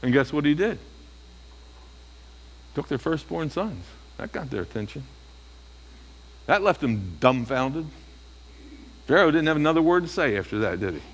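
A man's voice: fairly high pitch, very animated, moderate pace, pauses often, in a large hall. A male preacher giving a sermon, often asking the listeners rhetorical questions.

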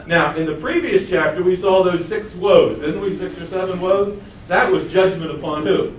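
A man's voice: high-pitched, moderate pace, few pauses, a little hiss or hum. A man teaching a Bible study lesson, asking his listeners questions and answering them himself. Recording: roomy, mic at a distance.

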